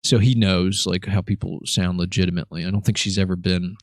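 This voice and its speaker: A man's voice: sits low, fairly quick, no echo, studio quality. A young man from Alabama with a slight Southern twang, hosting a casual chat and telling stories animatedly, slipping into voices. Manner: animated storyteller who acts out voices. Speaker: podcast host.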